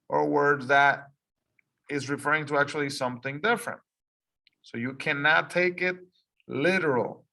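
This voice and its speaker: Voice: mid-range voice, vocal fry, pushed and bright. An English teacher whose first language is Spanish, leading an ESL lesson and patiently repeating instructions and explaining step by step. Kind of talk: ESL lesson, reading aloud for repetition.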